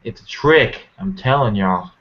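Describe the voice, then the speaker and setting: A man's voice: medium pitch, big pitch swings, unhurried. A wary companion, played by a man, presses his warnings with urgency. He sounds insistent. The audio is muffled and lo-fi.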